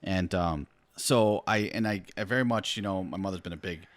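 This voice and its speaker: A man, an author, chatting casually on a podcast, rambling and dropping quieter when he turns earnest. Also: deep voice, moderate pace, dry recording.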